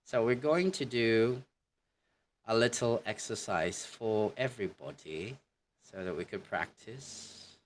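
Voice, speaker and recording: A man teaching an online English lesson in a relaxed way, with many fillers and demonstrations of how words are pronounced. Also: on the low side, slow, a little hiss or hum.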